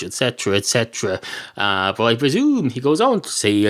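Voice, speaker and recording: A man's voice: lowish voice, very animated, moderate pace. A man tells a meandering improvised comic tale on his podcast. His voice swings widely up and down, and he pads every thought with "uh"s and sidetracks. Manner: meandering, digressive, full of filler "uh"s. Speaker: podcast host. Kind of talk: rambling improvised comic monologue.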